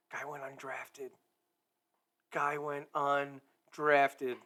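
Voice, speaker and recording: A man's voice: mid-range voice, sharp tone. A man hosting a hockey talk live stream, chatty and upbeat, talking straight to his viewers. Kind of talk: casual live-stream chat.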